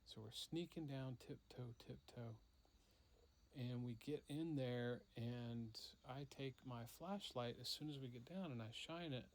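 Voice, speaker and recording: A man tells his child a story in a slow, easy way, filling pauses with little fillers. His voice has a gravelly, creaky edge, and he takes his time between phrases. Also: mid-range voice. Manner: relaxed, unhurried, full of fillers, acts out parts. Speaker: parent telling a story to a child. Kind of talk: casual spoken storytelling.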